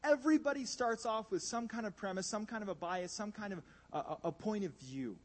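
A man preaching a sermon, animated and emphatic, swinging between loud bursts and hushed asides. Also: high voice, fairly quick.

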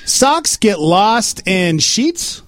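A man hosting a morning radio show, playful and animated as he reads segments and banters. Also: high voice, very slow, crowd noise.

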